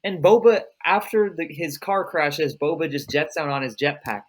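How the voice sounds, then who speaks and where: A man's voice: a little high, moderate pace. A man co-hosting a TV recap podcast in casual chat, ranting animatedly and swearing a lot. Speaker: podcast co-host.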